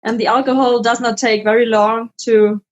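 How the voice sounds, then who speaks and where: A woman's voice: fairly high pitch, level tone, normal speed, muffled recording. A woman, a podcast guest in casual chat who laughs often between her phrases.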